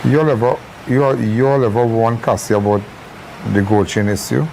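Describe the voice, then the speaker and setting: A man interviewing a grieving mother in the field, with gentle, brief prompts. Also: medium pitch, brisk, vocal fry, slight background noise, low-quality recording. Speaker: reporter interviewer.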